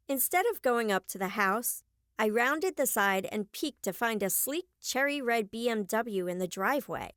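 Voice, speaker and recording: Woman, audiobook narrator, first-person novel, fairly high voice, dry close studio sound. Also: animated, moderate pace, fairly bright tone, dry recording.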